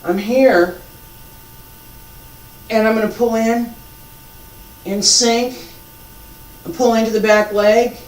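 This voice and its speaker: A martial arts teacher giving a live lesson and demonstrating moves, patient and repetitive, joking at his own expense. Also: mid-range voice. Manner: slow, patient, repeats key points, self-deprecating humor. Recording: echoey room, mic far off.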